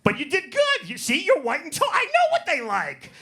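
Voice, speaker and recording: A man's voice: extremely high pitch, huge pitch swings, moderate pace, sharp tone. A man doing a profane, brash stand-up set in a comedy club, working the crowd. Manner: profane, brash, riffs on audience.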